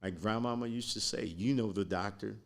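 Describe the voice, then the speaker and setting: A man with a low, gravelly voice tells a personal story as a podcast guest. He speaks slowly and earnestly, taking his time over each part.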